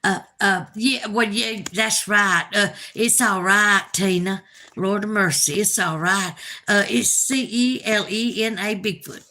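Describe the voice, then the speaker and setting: A woman's voice: mid-range voice, unhurried, bright, forceful tone. A middle-aged woman with a Southern US accent, hosting a casual livestream and chatting in a folksy way with her viewers. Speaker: livestream host.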